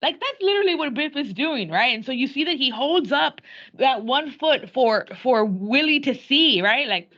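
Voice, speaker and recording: A woman teacher lecturing her class on a play in a classroom. She talks in an animated way and switches between English and Spanish. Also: sits high, a little slow. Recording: dull lo-fi classroom recording.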